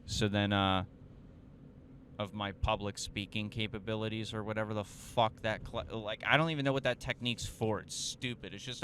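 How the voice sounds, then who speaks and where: A young podcast host, speaking at a normal speed in a fairly low, clear and resonant voice with a fairly bright tone and fairly even intonation, rambles through a story. He curses, mocks himself, and keeps restarting and using fillers.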